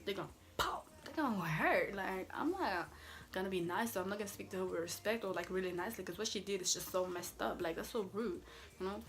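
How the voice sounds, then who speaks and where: A woman's voice: medium pitch, steady tone, quick pace. Sassy young woman telling a story. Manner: sassy, emphatic, full of "like" and "mm-mm". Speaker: vlogger. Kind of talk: casual storytime.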